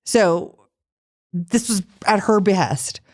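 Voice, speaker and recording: A woman's voice: medium pitch, slow, darkish tone. A woman co-hosting a podcast in casual chat, sarcastic and profane, telling stories with animation. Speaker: podcast co-host.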